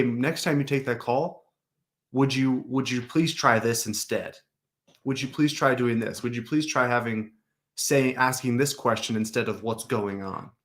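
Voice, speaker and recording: A man's voice: medium pitch, fairly bright tone. Guy coaching call center staff, direct and thoughtful, giving feedback tips. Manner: direct, reflective, advisory. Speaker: customer service coach, host. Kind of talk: coaching commentary on a recorded call.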